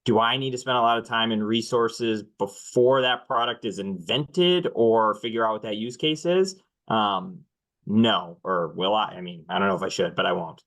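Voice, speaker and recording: A man who works as a chief financial officer, speaking on a webinar panel in a measured, candid way, with dry humor and some filler "um"s. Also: fairly low pitch, a bit bright, low-quality recording.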